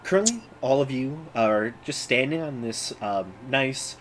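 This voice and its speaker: A man narrating a tabletop game as game master, pausing often with ums and uhs. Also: medium pitch, lively intonation, fairly bright tone, slight background noise, rough recording. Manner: halting, many ums and uhs.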